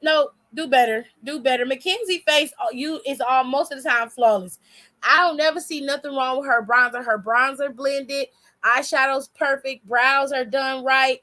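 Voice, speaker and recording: A woman's voice: sits high, normal speed, sharp tone. A woman giving blunt, sassy and profane casual commentary as a vlog host. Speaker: wrestling commentary vlogger.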